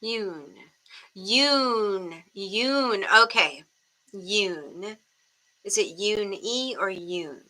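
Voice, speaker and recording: A woman's voice: mid-range voice, extremely slow, few pauses, sharp tone. A woman hosting a tarot livestream from her room, chatting casually on a webcam and greeting viewers by name. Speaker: tarot reader livestream host.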